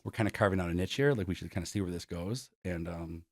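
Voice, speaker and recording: Speaking fast in a voice that sits low, a forties-aged concert promoter from Buffalo, New York, shares stories as an interview guest. He voices quoted dialogue and peppers his speech with "like." The recording is dry and studio quality.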